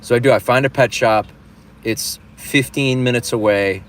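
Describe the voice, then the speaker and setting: A man hosting a livestream, telling a story in an animated, restless way, with lots of restarts and some swearing. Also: medium pitch, normal speed, slight background noise. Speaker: livestream host. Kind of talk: casual storytelling.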